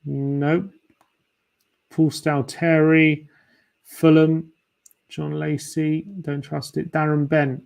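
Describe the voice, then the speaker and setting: A man's voice: on the high side, level tone, extremely slow, vocal fry, long pauses, a little mellow. A man hosting a fan livestream, chatting casually and muttering his guesses to himself as he plays a quiz. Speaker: fan channel host. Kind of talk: casual livestream chat while playing a quiz.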